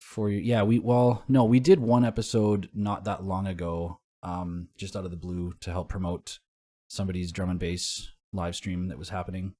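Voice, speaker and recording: Laid-back teasing man, low voice. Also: level tone, normal speed, warm tone. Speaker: podcast co-host, music promoter. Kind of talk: casual podcast chat.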